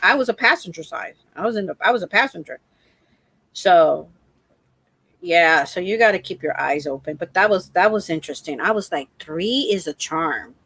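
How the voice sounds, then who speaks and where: A middle-aged woman hosting a crafting live stream, telling a story in an animated, exclamatory way. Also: on the low side, moderate pace, vocal fry, breathy edge, no echo. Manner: animated, exclamatory, acts out the scene.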